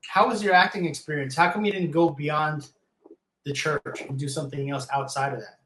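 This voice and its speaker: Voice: medium pitch, fairly even intonation, fairly quick, fairly bright tone, reverberant, a little hiss or hum. A podcast host in a casual interview who keeps prompting the guest with questions and asks for demonstrations.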